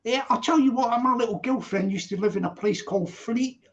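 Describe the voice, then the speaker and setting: A man with a London accent hosting a casual live-stream chat, laughing often and chatting warmly with callers. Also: very high voice, fairly quick, lo-fi sound.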